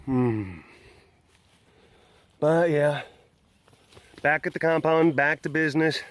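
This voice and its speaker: Guy keeping big cats, talks real slow and drawn out, jokey and teasing, coos baby talk at the tigers, outdoors. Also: a little high, no room sound. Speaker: big cat keeper. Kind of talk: casual vlog talking to the camera and to tigers. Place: outdoors at a big cat sanctuary.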